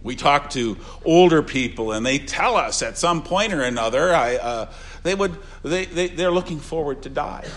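An older man, a pastor, preaching an earnest funeral sermon, repeating phrases and swinging between soft asides and louder emphasis. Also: fairly high pitch, expressive, normal speed.

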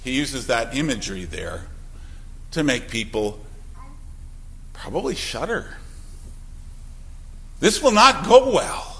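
Emphatic preacher man with lively pitch. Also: slow, creaky, long pauses. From Wisconsin. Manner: emphatic preaching with sudden loud and soft swings. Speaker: pastor. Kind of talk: sermon.

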